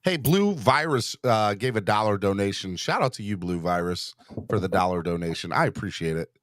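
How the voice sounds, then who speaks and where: A man hosting a sports podcast in casual chat, rambling and excitable, often restarting his sentences. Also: on the low side, a little fast, dry recording, clean studio sound. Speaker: podcast host.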